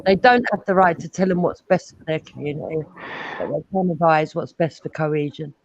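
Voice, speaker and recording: A man from England in a casual group chat, giving measured, thoughtful opinions. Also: on the high side, lo-fi sound, a little hiss or hum.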